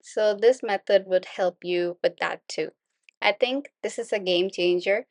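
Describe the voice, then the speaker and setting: Slow, patient woman teaching speaking. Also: medium pitch, no room sound. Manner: steady, continuous explaining, polite and patient. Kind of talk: unscripted spoken lesson.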